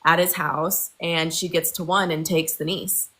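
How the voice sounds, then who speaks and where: A woman's voice: fairly low pitch, steady tone, measured pace, pushed and bright, low-quality recording. A woman guest on a casual live chat, retelling a story she read, with hesitant restarts.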